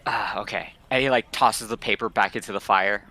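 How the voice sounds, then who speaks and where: A young man runs a tabletop role-playing game, talking in a loose, casual way full of fillers. His voice sits a little low yet sounds bright and forceful. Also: steady tone, brisk. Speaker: game master. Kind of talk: narrating a tabletop game over a voice call.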